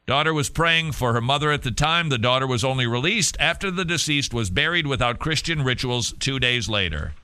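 A man's voice: mid-range voice, expressive, fairly quick, hardly any pauses, bright, forceful tone, clear, resonant tone. A man hosting a talk show, giving emphatic, sarcastic commentary. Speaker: host.

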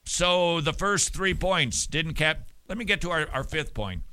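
A man hosting a radio show, preaching with emphatic stresses and sudden loud words. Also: on the high side, animated, measured pace, smooth, no room sound. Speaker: radio host.

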